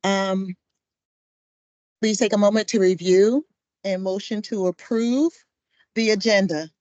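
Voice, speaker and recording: A woman chairs a commission meeting, running roll call in a loose, upbeat way with plenty of fillers. She talks at an unhurried, drawn-out pace. Her voice sounds close and dry, with no room around it. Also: medium pitch, fairly even intonation, a little mellow, no echo.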